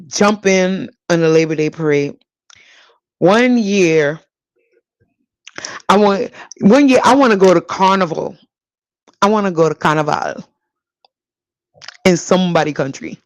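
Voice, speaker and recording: A woman's voice: on the low side, no room sound, rough recording. A woman from Brooklyn with a New York accent hosting a casual solo podcast. She talks straight to her listeners and repeats lines for emphasis. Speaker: podcast host.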